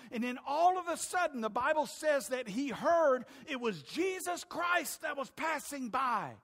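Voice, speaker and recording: High-voiced man preaching loudly. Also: animated, unhurried, hardly any pauses, big-room sound. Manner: loud, preaching that swings from shouting to hushed. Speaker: pastor. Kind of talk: sermon.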